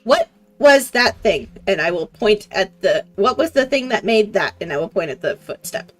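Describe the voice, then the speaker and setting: A woman's voice: medium pitch, big pitch swings, moderate pace, faint music behind. A woman playing a tabletop game, giggly and rambling as she describes her actions. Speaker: player. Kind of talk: casual tabletop play.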